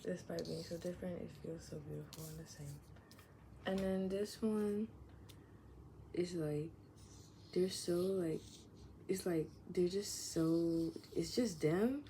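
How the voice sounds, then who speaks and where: A woman with a somewhat low voice talks in a loose, wandering way, filling her sentences with "like" and sometimes sinking into a soft whisper. It sounds like a casual vlog. The recording carries steady, clearly audible background noise. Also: slow, long pauses, poor audio. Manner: meandering, heavy use of "like", drifts into soft whispers, laughs often. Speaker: vlogger. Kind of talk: casual rambling chat.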